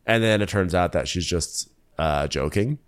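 A man co-hosting a casual recap chat, telling the story with dry asides and squeaky voices for quotes. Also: normal speed. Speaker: podcast co-host.

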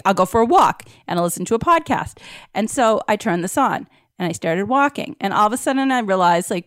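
A woman guest on a podcast, telling a story in an animated way and acting out her own reactions. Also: on the high side, dry recording, clean studio sound. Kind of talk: casual storytelling.

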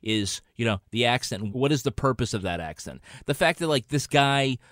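A man's voice: medium pitch, expressive, normal speed, fairly bright tone, dry recording, clean studio sound. A man co-hosting a review podcast, arguing his point in casual, wry chat full of fillers. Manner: wry, argumentative, many fillers. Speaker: podcast co-host.

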